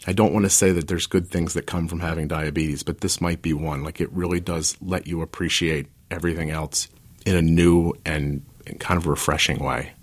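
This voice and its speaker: A man's voice: low-pitched, steady tone, normal speed, husky. A stay-at-home dad and author in his forties, an interview guest telling personal stories in a candid, rambling way with self-deprecating asides.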